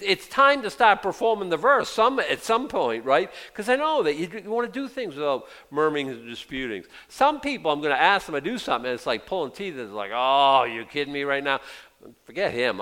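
A man's voice: on the high side, sing-song, fairly quick, pushed and bright. An older man in his sixties preaching a sermon in a conversational way, acting out quotes in little voices. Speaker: pastor.

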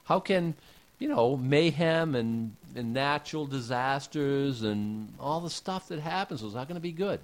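A man's voice: medium pitch, expressive, unhurried. A man preaching a casual sermon, talking conversationally with rhetorical questions and folksy asides.

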